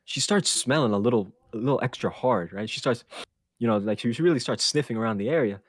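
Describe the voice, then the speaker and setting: A man hosting a podcast, telling a story in a casual, animated and profane way, laughing as he goes. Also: medium pitch, fast, no echo, clean studio sound. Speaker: podcast host.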